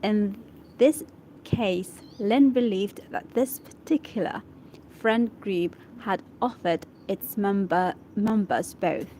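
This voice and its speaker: Practicing English, an Arabic-speaking woman reads an article out loud, stopping to fix words as she tests how they sound. The recording is low quality with slight hiss or hum, and her voice is medium-pitched and mellow.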